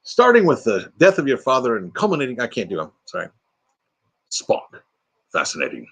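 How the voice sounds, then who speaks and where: An older man hosting a casual livestream, playful and quick to break into impressions. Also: medium pitch, huge pitch swings, a bit bright. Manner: playful, jumps into silly character voices. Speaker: livestream host. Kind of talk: casual live chat doing impressions.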